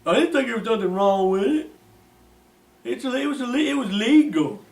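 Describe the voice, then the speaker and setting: A man putting on the voice of a panicked man pleading and protesting in hell, raised high and shrill. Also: expressive, moderate pace, a little mellow. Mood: whining. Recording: roomy, distant mic.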